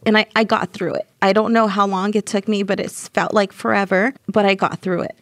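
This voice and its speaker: A young woman recounts her experience in a relaxed interview, her mid-range voice jumping up as she replays arguments. The sound is close and dry, with no room around it. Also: mid-range voice, a little slow, no echo. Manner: animated, voices rise when reenacting scenes. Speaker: surrogate telling her story. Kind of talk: conversational interview storytelling.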